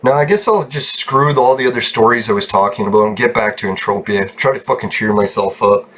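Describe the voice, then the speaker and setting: A man's voice: lowish voice, fast, fairly bright tone. A man streaming a game from his room at home, ranting angrily and swearing constantly as he rambles on. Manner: angry, heavy swearing, rambling. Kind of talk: ranting casual stream talk.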